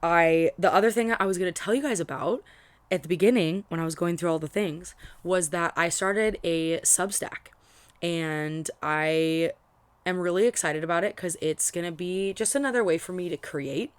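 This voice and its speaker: A woman's voice: fairly low pitch, moderate pace, clean tone, dry recording. A young woman chatting casually about a book she is reading, rambling with lots of fillers and restarts. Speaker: book vlogger. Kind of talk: casual book reaction chat.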